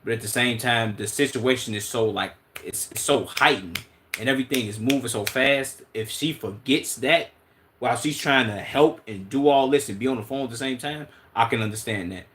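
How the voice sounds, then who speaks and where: A man's voice: medium pitch, normal speed, fairly bright tone, a little hiss or hum. A man with a Chicago accent, streaming and commenting casually, thinking aloud in slang with many restarts.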